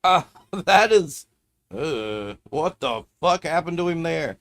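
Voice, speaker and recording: A man's voice: a little high, lively intonation, slow pace, a bit bright. A man streaming live, talking to himself as he browses videos, swearing and ranting in a casual, irritated way. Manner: profane, ranting, muttering to himself while browsing.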